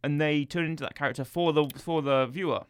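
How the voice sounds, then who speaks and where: A man co-hosting a casual chat, rambling and excitable, with jokey asides. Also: fairly high pitch, fast talker, clear, resonant tone. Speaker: podcast co-host.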